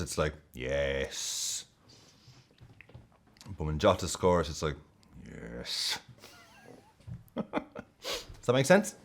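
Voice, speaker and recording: A man hosting a football video, giving jokey, excitable and sweary casual commentary. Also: deep voice.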